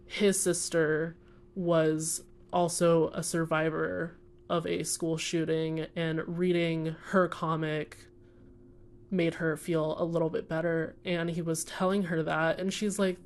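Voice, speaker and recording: A woman's voice: lowish voice, level tone, unhurried. A young woman chatting casually about books she read, earnest and rambling with lots of fillers. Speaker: book vlogger. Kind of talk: casual chat while coloring.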